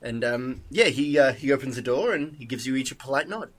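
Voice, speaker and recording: A man's voice: medium pitch, lively intonation, brisk, fairly bright tone. A man narrating as game master, rambling with frequent restarts. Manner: rambling, lots of fillers and restarts.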